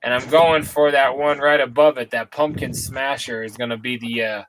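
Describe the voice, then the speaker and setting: A man's voice: mid-range voice, steady tone, moderate pace, a bit bright, slight background noise, low-quality recording. A man co-hosting a podcast, chatting loosely and profanely with his friends. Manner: loose, profane, laughing banter. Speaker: podcast co-host. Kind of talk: casual chat.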